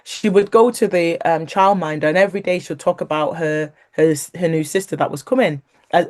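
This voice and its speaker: This guest speaks fairly quickly with a fairly low pitch, recounting her faith journey with plenty of energy. She laughs while talking and performs the lines of others as she quotes them.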